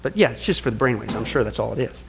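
A man's voice: medium pitch, expressive, very fast, creaky, fairly bright tone, slight background noise. A man teaching a sermon-style Bible study, speaking emphatically, calling listeners "folks" and piling up repeated phrases and rhetorical questions.

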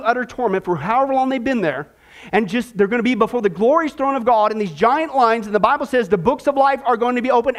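A man preaching a sermon in an emphatic, animated, rhetorical way. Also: sits high.

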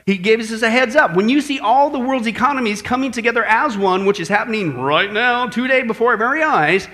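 Lively pastor, high bright voice, preaching with jokes. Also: male voice, brisk. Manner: joking, energetic, talks to the congregation. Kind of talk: sermon.

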